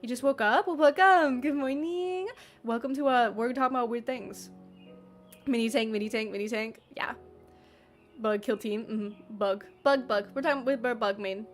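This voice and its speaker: A woman's voice: on the high side, normal speed, soft background music. A woman hosting a casual livestream, chatting and giggling as she answers chat messages. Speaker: livestream host reading chat.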